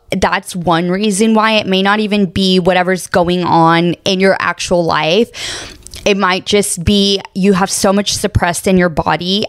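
Smooth-voiced woman podcast host, candid storytelling. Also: on the low side, dry recording, studio quality. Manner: candid, expressive storytelling with frequent swearing. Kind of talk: casual solo podcast chat.

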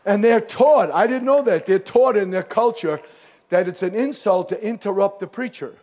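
A bishop preaching a fiery Pentecostal sermon at a live camp meeting, swinging from hushed folksy asides to shouted exhortation. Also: male voice, high-pitched, moderate pace. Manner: folksy, calls listeners pet names. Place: live service before a congregation.

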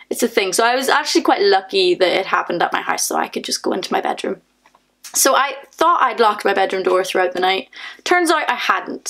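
A young woman with a Northern Irish accent, telling a story in a casual, animated vlog with lots of fillers. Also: medium pitch. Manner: chatty, animated, many fillers, laughs often. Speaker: vlogger.

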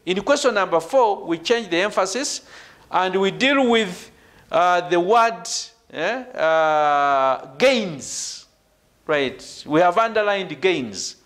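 A man teaching a PhD seminar, stressing key words and checking in with "right?" and "ladies and gentlemen". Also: high voice, lively intonation, takes it slowly. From Uganda. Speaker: university lecturer. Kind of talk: online PhD seminar lecture.

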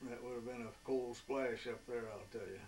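An elderly man in his eighties tells old war stories in a folksy, meandering way, stopping often on filler sounds. His voice stays level and flat. He sits away from the mic, with a faint hiss of background noise behind him. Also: mid-range voice, far from the mic, rough recording. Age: 80s. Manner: folksy and rambling, with many filler pauses. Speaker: veteran interviewee. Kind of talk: oral history reminiscence.

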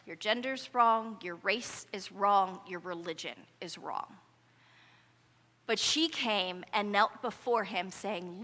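A woman's voice: medium pitch, measured pace, pushed and bright. A woman pastor delivering a sermon in an earnest, conversational preaching manner. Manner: earnest, conversational preaching with rising intensity in quotes. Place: church sanctuary. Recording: long church hall reverb.

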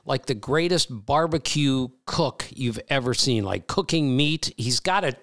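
A man co-hosting a baseball podcast, telling stories in a casual chat and getting animated when he pokes fun at critics. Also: mid-range voice, measured pace, no room sound, clean studio sound. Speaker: podcast co-host, baseball broadcaster.

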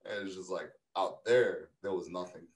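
A man's voice: low voice, moderate pace, echoey room, recorded from a distance, low-quality recording. A man from New Jersey in casual podcast chat, laid-back and enthusiastic. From New Jersey, USA. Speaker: podcast guest.

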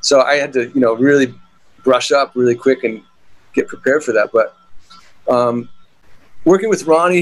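A man's voice: medium pitch, poor audio. A middle-aged man, a guitarist, telling stories in an interview in a rambling way with many fillers and restarts. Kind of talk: casual interview storytelling.

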